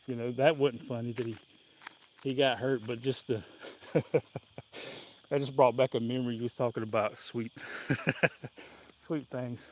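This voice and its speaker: A man with a Southern US accent hosts a casual live stream while out on a walk. His voice sits at an ordinary middle pitch, and he talks in a loose, folksy, meandering way, breaking into small chuckles. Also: steady tone, measured pace, pauses often, slight background noise. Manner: rambling folksy storytelling, chuckling often. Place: outdoors on a walk.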